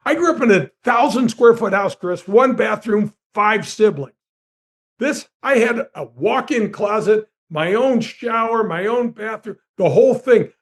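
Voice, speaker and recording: Man, 60s, ex-golf pro, higher voice, animated storyteller. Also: unhurried. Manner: lively storyteller with big pitch swings; addresses the host by name often. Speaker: guest, former tour golf pro. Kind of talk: animated anecdote telling.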